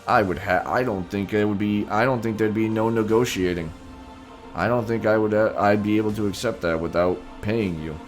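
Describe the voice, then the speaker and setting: A man with a very low, deep voice chats playfully on a live stream. He hams up his role as a king and talks directly to his viewers, with faint music underneath. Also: normal speed. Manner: playful and theatrical, talks straight to his chat. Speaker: streamer playing a king persona. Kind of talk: casual live-stream chat.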